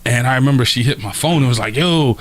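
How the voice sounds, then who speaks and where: A man's voice: mid-range voice, fairly even intonation, very fast. A man, a comedian guest on a podcast, telling casual, profane stories and laughing often.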